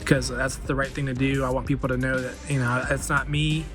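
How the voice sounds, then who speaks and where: A man's voice: mid-range voice, flat delivery, fairly quick, over music, lightly acted. A man voicing an earnest, caring male superhero in a casual retelling, in his own everyday voice.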